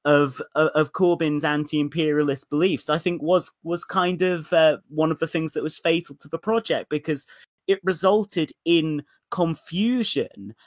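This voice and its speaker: Animated man in casual political chat. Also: a little high, unhurried, no echo, clean studio sound. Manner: animated, mocking, swears casually.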